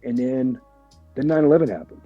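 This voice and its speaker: A man's voice: medium pitch, a little fast, dull audio, over music. A man, a guest in a casual interview, telling stories chattily with plenty of swearing and "right?" after each point. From Boston area, USA. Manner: chatty and animated, swears freely, leans on "right?" and "like". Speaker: guest, military veteran.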